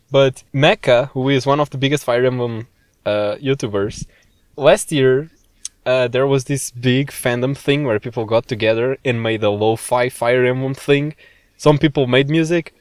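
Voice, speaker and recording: A man's voice: medium pitch, no room sound. Casual joking male podcast co-host. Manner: joking, self-deprecating. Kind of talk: casual chat.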